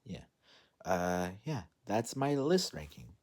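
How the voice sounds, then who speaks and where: Rambling man with a lowish voice. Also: sing-song, slow pace, a little mellow. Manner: rambling, heavy fillers and restarts. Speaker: movie vlogger. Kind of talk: casual unscripted movie recap.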